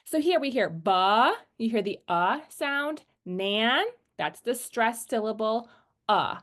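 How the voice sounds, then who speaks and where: A woman teaching a phonics lesson, explaining patiently and slowly acting out sounds. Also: fairly high pitch, expressive.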